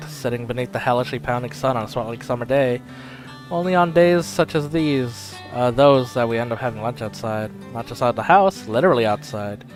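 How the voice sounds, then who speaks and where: A man casually reading a comic story aloud with offhand asides. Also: mid-range voice. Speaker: comic reader.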